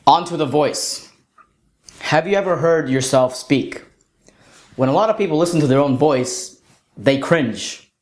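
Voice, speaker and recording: A young man coaching other men in a lesson-style talk, sometimes showing off high and deep voices. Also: a little slow, long pauses, darkish tone. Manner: demonstrates voices, jumps to falsetto and deep tones. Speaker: dating coach. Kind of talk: instructional talk. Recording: roomy echo.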